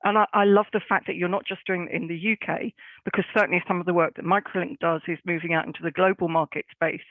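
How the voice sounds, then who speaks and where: A man's voice: high-pitched, no echo. A man hosting a panel interview, effusive and encouraging toward his guests. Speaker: host. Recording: thin phone-like line.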